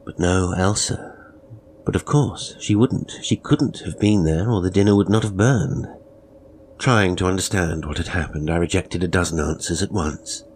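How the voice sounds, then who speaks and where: Male narrator for a classic horror story, very low voice, grave and measured, faint background hiss. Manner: measured, grave, dropping to whispers. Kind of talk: dramatic horror story reading.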